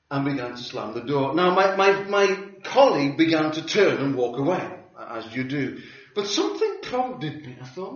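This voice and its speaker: A man preaching a sermon, telling a story with wry humor and lively delivery. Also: a little high, fairly quick. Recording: roomy hall from a distance, dull sound.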